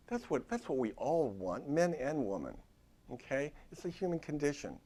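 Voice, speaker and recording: Relaxed man in his fifties lecturing. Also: a little high, normal speed. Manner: conversational, checks in with frequent "okay?" and repeats phrases. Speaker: therapist lecturing students. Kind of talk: classroom lecture. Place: university classroom.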